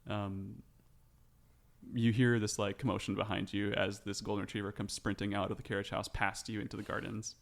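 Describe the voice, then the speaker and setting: A man with a lowish voice narrating as game master of a tabletop game. He describes scenes in a relaxed, chatty way, full of fillers and asides. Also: fairly quick, creaky.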